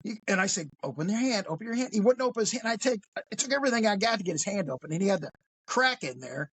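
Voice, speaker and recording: A man's voice: high voice, expressive, fast talker, fairly bright tone, husky. A man telling a crime story in a casual, blunt, profane way.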